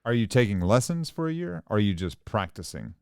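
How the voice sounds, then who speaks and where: Low-voiced man from the American South. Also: sing-song, fairly quick, darkish tone, clear, resonant tone, no room sound, studio quality. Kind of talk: casual chat.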